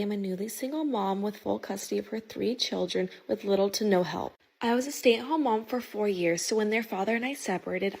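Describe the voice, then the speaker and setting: A woman telling her story as a single mother in a matter-of-fact way. Her voice is gravelly and husky. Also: medium pitch, darkish tone. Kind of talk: storytelling to camera.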